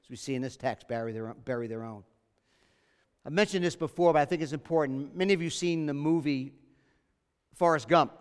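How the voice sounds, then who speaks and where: High-voiced man preaching in echoing church. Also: a little fast, long pauses, clean tone. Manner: earnest, emphatic, repeats key phrases. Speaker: pastor. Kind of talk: sermon.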